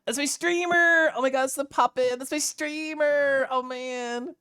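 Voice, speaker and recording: A woman voicing an excitable young fan who yells about his favorite streamer in shrill, drawn-out shouts. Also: dry recording, studio quality. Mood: ecstatic.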